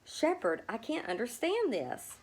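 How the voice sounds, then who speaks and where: A woman's voice: a little high, very animated, a little slow, darkish tone, slightly rough, voice pushed up, full character voice. A woman doing a frightened, pleading young pilgrim. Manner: pleading, tearful.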